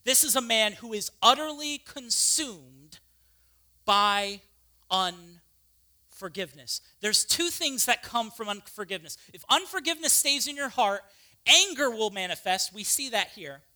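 A preacher delivering an animated, conversational sermon with casual asides. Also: mid-range voice, unhurried.

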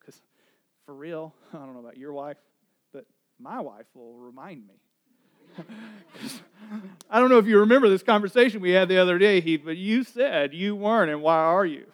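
A middle-aged man, a pastor, giving a conversational sermon that moves from quiet asides to loud emphatic preaching. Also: high voice, animated, normal speed, long pauses.

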